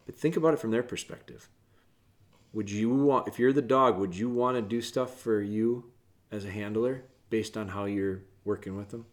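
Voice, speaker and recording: Man, fairly low voice, casual podcast host, earnest, rambling, soft-spoken stretches. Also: moderate pace. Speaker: podcast host, dog trainer. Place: home, with dogs in the room.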